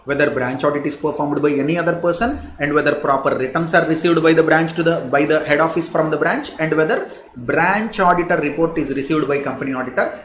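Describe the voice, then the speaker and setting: A man teaching an audit class, explaining step by step and repeating key phrases for emphasis. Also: a little high. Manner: animated teaching with asides and examples. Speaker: audit lecturer. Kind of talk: classroom lecture. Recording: echoey room with faint background noise.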